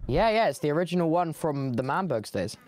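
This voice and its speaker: A man's voice: fairly high pitch, animated, a little fast, a crowd in the background. A man playing along on a voice call, chatting in a laid-back, teasing way and often trailing off mid-thought. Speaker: co-player. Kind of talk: casual gaming chat.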